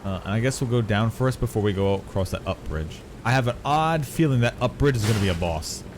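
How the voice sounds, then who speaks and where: A man's voice: fairly low pitch, animated, fairly quick, background noise. A man streaming a video game, chatting casually with his viewers and swearing now and then. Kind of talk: casual gameplay commentary.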